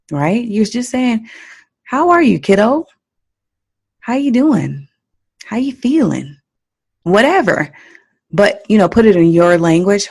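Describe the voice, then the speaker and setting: A woman hosting a parenting podcast, giving advice in an animated, teacherly way and laughing at her own stories. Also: lowish voice, vocal fry. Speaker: parenting coach and podcast host. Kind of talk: solo podcast advice talk.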